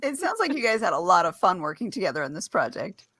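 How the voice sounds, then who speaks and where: A woman host with a bright voice asks questions and praises her guests. She laughs lightly between her words. The recording is dry and close. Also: fairly low pitch, big pitch swings, fast, slightly rough, no room sound. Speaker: show host. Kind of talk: casual video call interview.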